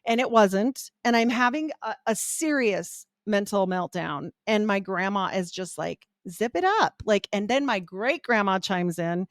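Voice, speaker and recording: Middle-aged lady on a podcast, lively storytelling, dry room. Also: medium pitch, a little slow, few pauses, no room sound. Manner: animated, quotes people in voiced asides. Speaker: podcast guest. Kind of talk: candid storytelling interview.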